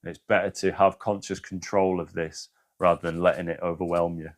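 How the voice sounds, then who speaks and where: Low-voiced man talking casually on a livestream. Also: little pitch movement, a little fast. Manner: earnest, swears freely, reads quotes with emphasis. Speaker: spiritual live-stream host. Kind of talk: casual livestream talk, reading aloud.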